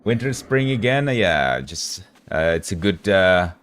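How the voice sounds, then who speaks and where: A man's voice: low-pitched, very animated, a little slow, a bit bright. A man from Europe, a game streamer, chatting casually with his live audience in a rambling, laid-back way full of slang.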